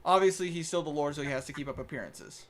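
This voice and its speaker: A young man narrating as dungeon master in a tabletop game over voice chat, animated, with stumbling restarts. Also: a little high, fast, slight background noise.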